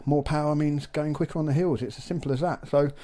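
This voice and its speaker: A man's voice: on the high side, steady tone, fast, dark tone. A man presenting a podcast segment in a plain, matter-of-fact, self-deprecating way. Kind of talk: casual monologue.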